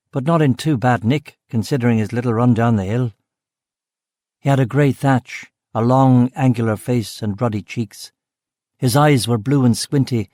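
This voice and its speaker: Man, audiobook crime narration, sardonic, mid-pitched, dead-dry close mic. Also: a little mellow, no echo. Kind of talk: first-person crime novel narration. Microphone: close studio mic.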